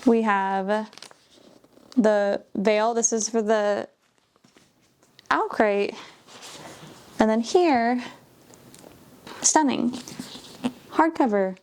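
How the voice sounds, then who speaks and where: A woman chatting casually as she unboxes books, gushing, gasping and dropping into soft whispers. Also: a little high, extremely slow, long pauses. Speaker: book vlogger.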